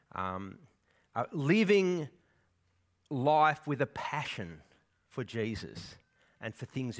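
A man's voice: medium pitch, a bit bright. A man preaching a sermon to his congregation, earnest and conversational, with swells of emphasis. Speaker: pastor.

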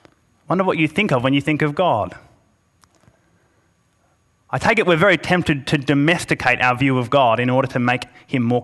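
A man preaching a sermon, earnest, slowing down to press each point and reading passages aloud. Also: mid-range voice, fairly bright tone. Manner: earnest, slows for emphasis and reads scripture aloud.

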